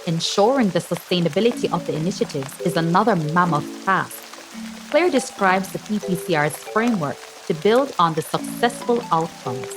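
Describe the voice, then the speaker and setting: A woman giving scripted podcast narration in an even, polished delivery. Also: fairly low pitch, moderate pace. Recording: narration over clear music.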